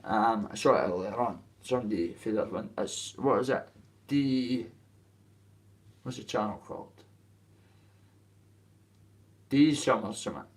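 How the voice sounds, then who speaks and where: Dundee scottish guy ranting about his fights, swears a lot, kinda low voice, mic a bit far off. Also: a little slow, long pauses. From Dundee, Scotland. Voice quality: coarse, heavy swearing, rambling. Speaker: boxer telling his story. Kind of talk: casual rant to camera.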